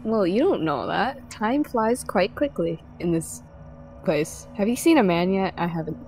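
A woman's voice: medium pitch, expressive, a little slow, a little mellow, faint music behind, poor audio. A woman playing a ghost-hunting game with a friend, giggling and teasing in casual banter. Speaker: game streamer.

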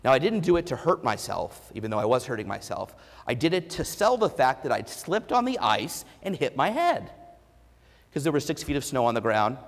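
A man giving a keynote speech, telling a candid personal story with self-deprecating humor and halting restarts, on a lavalier mic. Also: medium pitch, big pitch swings. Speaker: keynote speaker. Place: large conference hall before an audience. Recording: long hall reverb.

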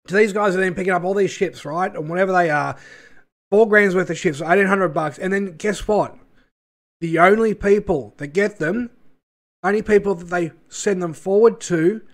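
A man hosting his channel, ranting in a sarcastic, scornful way with many fillers and asides. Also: a little high. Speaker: channel host. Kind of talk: ranting commentary video.

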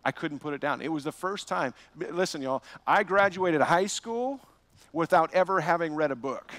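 A man's voice: fairly high pitch, expressive, normal speed, fairly bright tone, no echo. A man preaching a verse-by-verse sermon as pastor, telling a personal story with rhetorical questions.

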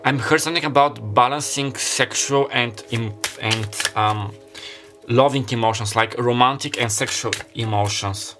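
A man doing a casual tarot card reading to camera. He talks in a halting way, with many fillers and self-corrections. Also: mid-range voice, music in the background. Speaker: tarot reader. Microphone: camera mic.

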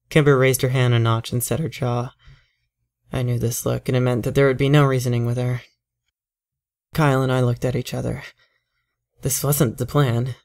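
A man narrating a first-person horror story in a measured, tense storytelling voice. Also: medium pitch, flat delivery, vocal fry, a little mellow.

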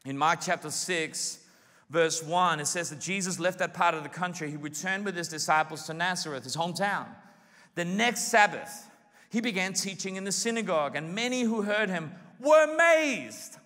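A male pastor preaching a sermon in an animated way, acting out the voices of people in his stories. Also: high voice, moderate pace. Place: large church hall. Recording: reverberant church hall.

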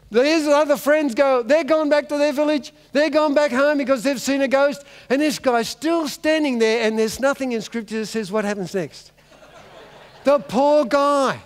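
At a moderate pace, a man with a very high voice preaches a sermon in a large church hall with long reverb. He's a pastor acting out the characters of a Bible story with comic energy.

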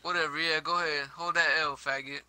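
A man's voice: fairly high pitch, steady tone, fairly quick, bright, forceful tone, clear, resonant tone, dry recording. Crude taunting young man. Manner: crude, taunting, swears constantly. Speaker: gamer friend on voice chat. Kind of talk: crude trash-talk roasting.

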